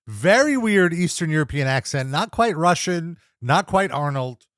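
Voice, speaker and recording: With a fairly high pitch and a normal speaking speed, a young man helps host a laid-back wrestling review podcast. Clean and echo-free, the studio recording captures his frequent laughter and playful impressions of wrestlers and announcers as he recaps matches.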